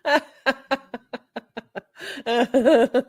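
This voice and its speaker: A woman's voice: sits high, steady tone, drawn-out words, no room sound. Giggly chatty woman, close dry mic. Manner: giggly, chatty, swings from whispers to squeals. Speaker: vlogger reacting to a trial. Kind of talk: casual reaction commentary.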